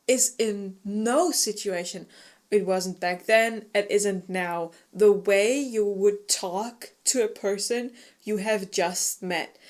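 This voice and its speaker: A woman co-hosting a book club podcast, casually retelling the plot with laughter and disbelief. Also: on the high side.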